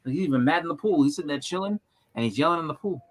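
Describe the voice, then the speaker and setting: A man with a New England accent in casual chat, telling rambling stories and bursting into loud impressions. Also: a little high, lively intonation, racing.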